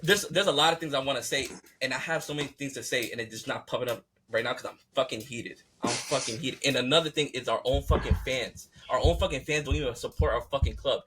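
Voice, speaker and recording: An American man hosts a podcast and launches into a heated, casual rant that is fired-up, profane, and repetitive. His mid-range voice is fast with hardly any pauses, and background noise can be heard.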